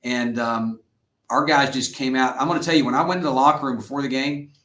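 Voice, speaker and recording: A middle-aged man, a high school football head coach, telling stories in an interview in an earnest, lively way and acting out the quotes he tells. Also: quick pace. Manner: earnest, animated storyteller who acts out quotes. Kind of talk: interview guest storytelling. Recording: roomy echoey sound.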